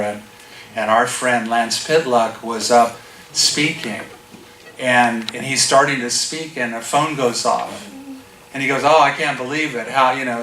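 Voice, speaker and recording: A man's voice: mid-range voice, bright, forceful tone, a little hiss or hum. A man in his sixties, a guest pastor preaching a sermon and telling funny stories with humor. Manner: humorous storytelling. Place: church auditorium. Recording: echoey church from far off.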